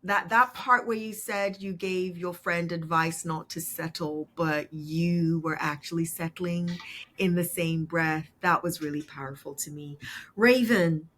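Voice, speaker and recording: A woman's voice: on the low side, fairly bright tone. A woman hosting a podcast interview, conversational and easily moved, laughing often. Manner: emotional, tearful at times, laughs easily. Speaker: podcast host.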